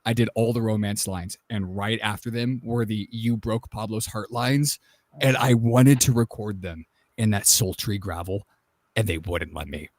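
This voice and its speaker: A man, a voice actor on a panel, telling a relaxed and enthusiastic story about his work. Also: fairly low pitch, normal speed, no echo. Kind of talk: casual panel talk.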